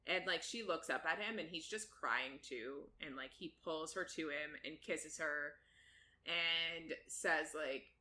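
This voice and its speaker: A woman's voice: low-pitched, slow, sharp tone. A woman co-hosting a podcast, chatting casually as she recaps a book, laughing often and swearing freely. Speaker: podcast co-host.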